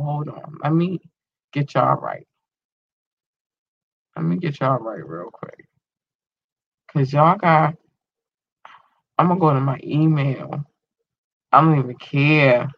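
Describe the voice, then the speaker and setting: An online show host reading out casual shout-outs to listeners in a slangy, drawling way, swearing freely. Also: mid-range voice, muffled recording.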